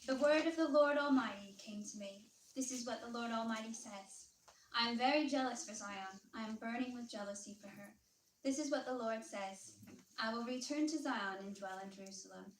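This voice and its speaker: A woman with a Southern American accent reads scripture in a measured, formal way. Her fairly high voice comes from a distance and echoes through a church room, over a faint hiss. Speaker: scripture reader. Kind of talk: reading scripture aloud.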